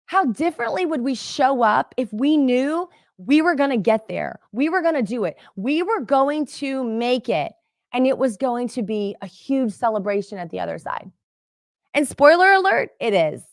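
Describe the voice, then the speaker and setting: A middle-aged woman giving a motivational teaching talk as a business coach, animated and chatty, often addressing her listeners as "you guys". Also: high voice, moderate pace, no echo, studio quality.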